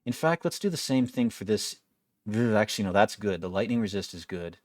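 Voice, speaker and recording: A man's voice: on the low side, animated, a little fast, darkish tone, dry recording. A young man giving casual gameplay commentary, wry and complaining, swearing freely as he plays. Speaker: gaming video creator.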